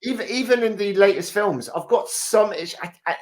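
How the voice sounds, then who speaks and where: A man's voice: high voice, moderate pace. A man, a podcast co-host in casual chat, hesitant and agreeable.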